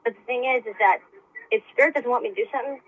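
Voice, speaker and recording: Woman, fifties, podcast guest; husky, earnest, dull lo-fi call sound. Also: on the high side, rapid-fire, a bit bright. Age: 50s. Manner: earnest, laughs often. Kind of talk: casual conversation. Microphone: remote call mic.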